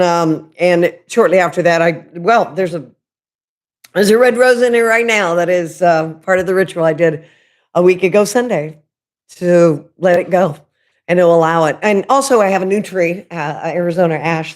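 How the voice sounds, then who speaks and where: A woman hosting a casual spiritual livestream, talking loudly and candidly, rambling and restarting her sentences and swearing casually. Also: mid-range voice. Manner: loud, chatty, rambling with frequent restarts. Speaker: livestream host.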